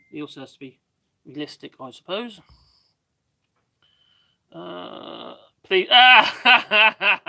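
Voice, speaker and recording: Male streamer, high and bright, rambling DIY chat full of restarts and half-muttered asides. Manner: rambling, hesitant, with many restarts and fillers; mutters to himself while working. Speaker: live-stream host. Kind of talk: casual live-stream chat during DIY work.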